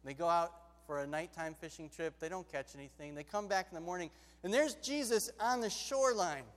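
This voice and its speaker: A male preacher tells stories in a lively, chatty way, going from loud bursts to hushed moments. His voice sits high. It rings with a long reverb in a large hall. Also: a little fast. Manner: lively, conversational, shifts between loud and hushed. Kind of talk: storytelling sermon.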